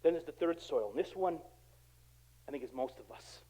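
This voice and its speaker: A male pastor preaching a sermon in a casual, conversational way, swinging from quiet asides to loud emphatic bursts. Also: a little high, moderate pace, breathy edge, rough recording. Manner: animated, conversational preaching with dramatic swings in volume.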